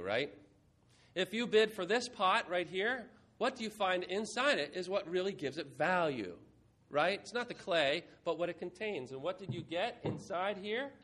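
Male preacher with a somewhat high voice, lively delivery, auctioneer bits. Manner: lively, playful, shifts from quiet reflection to brisk auctioneering. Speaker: pastor. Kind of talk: sermon with a mock auction.

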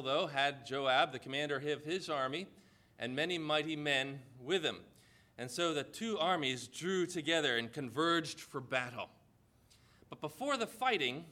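A man delivers a sermon in a somewhat high, bright, forward voice. He retells a scripture story, slowing down on key phrases and posing rhetorical questions to his listeners. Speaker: preacher.

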